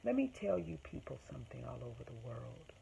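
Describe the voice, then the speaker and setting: A woman's voice: very deep voice, very animated, fairly quick, vocal fry, mellow, slightly rough, low-quality recording. A woman vlogger telling a personal story straight to her viewers, emphatic and repeating phrases as she makes her point. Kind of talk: storytime monologue to camera.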